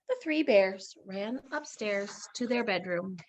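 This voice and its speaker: A woman teacher reading a story aloud in a lesson, expressive and asking questions. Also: fairly high pitch, a little slow, creaky, hardly any pauses.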